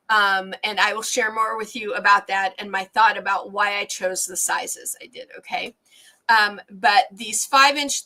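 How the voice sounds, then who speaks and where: A middle-aged woman, teaching quilting on a casual live stream, chatty and warm toward her viewers, restarting her sentences often. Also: on the high side. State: tired and emotional.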